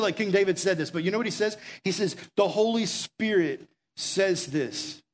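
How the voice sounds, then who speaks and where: A man preaching a conversational sermon as pastor, urgent and full of rhetorical questions. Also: sits high. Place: room with a gathered audience.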